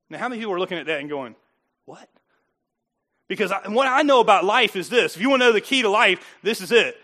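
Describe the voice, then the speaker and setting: A man's voice: high-pitched, lively intonation, quick pace, pushed and bright. A middle-aged male pastor preaching a sermon to a congregation in a chatty, joking way, often putting questions to the listeners. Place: church before a congregation.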